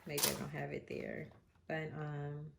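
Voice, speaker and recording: A woman's voice: sits low, level tone, a little slow, creaky, slight background noise. A middle-aged woman vlogger telling a candid, emotional personal story to the camera, rambling with many fillers and showing keepsakes as she talks. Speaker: vlogger and mother.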